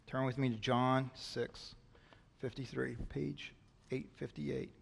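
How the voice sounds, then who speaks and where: A male pastor preaching a sermon in a church sanctuary, speaking earnestly and building to loud, emphatic passages. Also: medium pitch, flat delivery, slow pace, gravelly, slight background noise. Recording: long reverb of a large hall.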